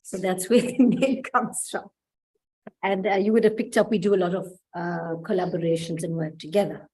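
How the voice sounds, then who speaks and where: A woman's voice: on the low side, fairly even intonation, normal speed, darkish tone, low-quality recording. A South African woman giving a conference presentation as a provincial coordinator, earnest, asking the audience rhetorical questions.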